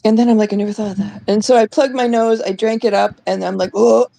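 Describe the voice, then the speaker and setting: A woman's voice: mid-range voice, fairly even intonation, quick pace, creaky, mellow, no room sound, low-quality recording. A young adult woman from Canada, co-hosting a podcast, telling a story in casual chat, acting out the voices she quotes and swearing freely. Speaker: podcast co-host.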